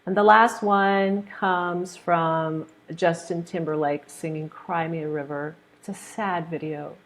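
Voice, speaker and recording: An American woman leads a pronunciation webinar in a lowish voice with a gravelly edge. She takes her time and models each phrase deliberately, cheering her learners on. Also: steady tone. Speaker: pronunciation teacher. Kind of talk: online webinar lesson.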